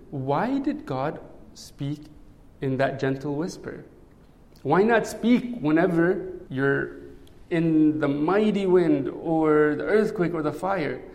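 A man's voice: on the high side, darkish tone. A man preaching a sermon in a conversational way, often checking in with "right?". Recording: long hall reverb.

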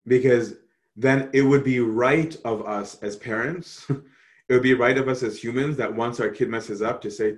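A man answering questions on Christian theology in a relaxed, conversational way, often checking in with "right?". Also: fairly low pitch, unhurried. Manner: animated, conversational, frequent "right?" tag questions. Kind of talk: casual theological discussion.

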